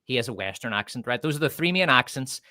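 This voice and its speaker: A man's voice: medium pitch, animated, fast talker, sharp tone, no room sound, clean studio sound. A man with a northern Irish accent, chatting bluntly and scornfully on a review livestream, with some swearing. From north of Ireland. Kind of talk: casual opinionated chat.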